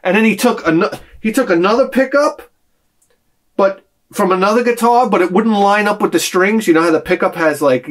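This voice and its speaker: A man hosting his own video channel, ranting in a profane, rambling, emotional way. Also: high voice. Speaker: vlog host. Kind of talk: casual ranting monologue.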